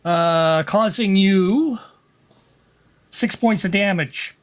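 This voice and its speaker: A man narrates a tabletop game as its game master, his voice sitting a little high for a man. He takes his time, drawing out descriptions and throwing in sound effects. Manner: unhurried, adds sound effects.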